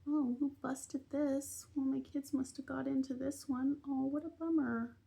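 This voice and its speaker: A woman's voice: high-pitched, fairly even intonation, measured pace, vocal fry, mellow. A woman vlogging at home about her budgeting game, chatting casually and giggling while she colors, often dropping into a half-whisper. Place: home on a busy street.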